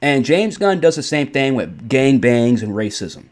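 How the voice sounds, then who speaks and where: A man delivers an opinionated commentary rant in an ordinary, mid-pitched voice. He is blunt and profane, circling back over his points and stumbling through restarts. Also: very animated, measured pace. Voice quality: blunt, profane, repeats himself. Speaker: commentary host.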